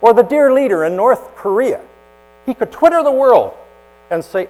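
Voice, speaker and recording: A man preaching a storytelling sermon as a pastor, swinging from loud emphasis to hushed asides. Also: extremely high pitch, very animated, moderate pace, poor audio.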